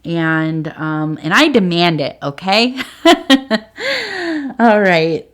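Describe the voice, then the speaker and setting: A woman's voice: low-pitched, lively intonation, takes it slowly, clear, resonant tone. A woman reading tea leaves for her viewers, rambling and hesitant, earnest and affectionate, close to tears. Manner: rambling and hesitant, many fillers. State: emotional, on the verge of tears. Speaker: tea leaf reader. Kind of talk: casual spoken sign-off to viewers.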